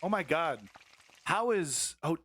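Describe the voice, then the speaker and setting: A man's voice: a little high, animated, slow pace, a bit bright, a little hiss or hum. A man hosting a live news stream, chatting casually, laughing and rambling. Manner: laughing, rambling, self-mocking.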